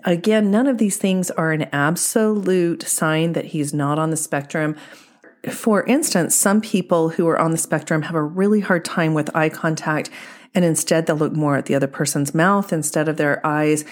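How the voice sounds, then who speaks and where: A woman dating coach speaking a podcast monologue in a steady, explanatory and measured way. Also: low voice.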